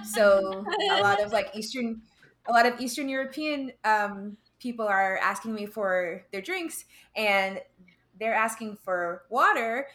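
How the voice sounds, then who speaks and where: A woman's voice: medium pitch, fairly bright tone, slight background noise. A woman with an American accent chatting on a podcast, telling a story with many fillers and laughs. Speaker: podcast guest. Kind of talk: casual chat.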